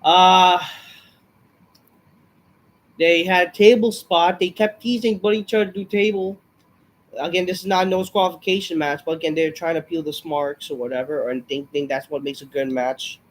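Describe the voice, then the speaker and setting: A man's voice: high voice, fairly even intonation, normal speed. A man reviewing a wrestling show in a rambling, frustrated rant, swearing often and sighing, unwell and short of breath. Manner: profane, frustrated, rambling with sighs.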